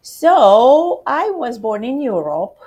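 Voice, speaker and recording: Slow-speaking Romanian-accented woman. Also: fairly high pitch, big pitch swings, warm tone, husky. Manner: non-native phrasing, many hesitations. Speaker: macaron shop owner. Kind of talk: interview answers.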